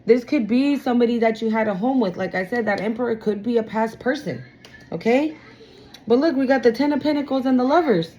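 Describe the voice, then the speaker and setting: A woman's voice: fairly high pitch, brisk, dark tone, muffled recording. A woman giving a casual tarot reading to her viewers, blunt and emphatic, swearing freely and calling them y'all. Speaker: tarot reader.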